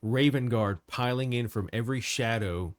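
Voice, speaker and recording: A man's voice: medium pitch, moderate pace, no room sound. Man retelling a story in casual chat. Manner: storytelling, laughs often. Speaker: podcast co-host.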